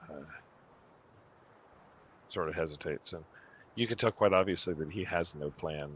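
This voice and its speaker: A man's voice: deep voice, normal speed, a bit bright, slight background noise. A young man narrating a tabletop game as game master, rambling with many fillers.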